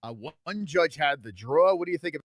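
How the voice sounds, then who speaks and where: A man asks post-fight interview questions, chuckling and stumbling over fillers. His voice is slightly high and moves around a lot. The sound is dry and close. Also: animated, a little fast, no echo. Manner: laughing, hesitant with fillers.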